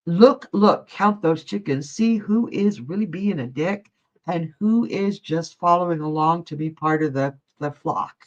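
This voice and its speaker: A woman's voice: on the low side, measured pace, darkish tone. A woman hosting a live psychic reading stream, talking in a chatty, folksy way and calling viewers honey and love. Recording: dull lo-fi stream audio.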